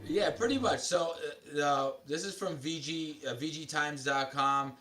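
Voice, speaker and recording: Bright-voiced man co-hosting a gaming podcast. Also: fairly high pitch, normal speed, faint music behind. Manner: reads listings aloud with asides. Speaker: podcast co-host. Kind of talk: casual chat, reading game news.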